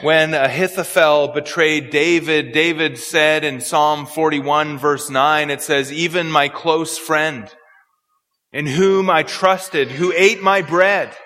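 A man's voice: fairly high pitch, slow, pushed and bright. A man preaching an expository sermon, earnest and prone to repeating words as he searches for phrasing. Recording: long hall reverb.

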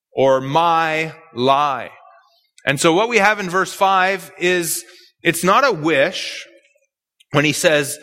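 Slow, bright-voiced man preaching. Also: high voice, long reverb tail. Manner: emphatic, measured teaching with repetitions. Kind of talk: expository sermon.

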